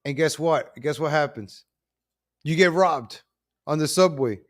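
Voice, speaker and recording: A man hosting a live commentary stream, animated and repetitive, calling out to viewers as ladies and gentlemen. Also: a little high, measured pace. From New York.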